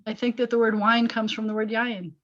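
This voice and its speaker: A woman's voice: on the high side, flat delivery, fairly quick, a bit bright. Patient woman teaching Hebrew over video call. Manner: patient, explanatory, asks students questions. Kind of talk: online Hebrew lesson. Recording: slightly dull video-call audio.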